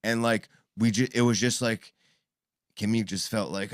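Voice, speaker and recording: Profane, animated man in his thirties. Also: fairly low pitch, moderate pace, no room sound, studio quality. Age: 30s. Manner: animated, profane, acts out quoted voices. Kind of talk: casual chat.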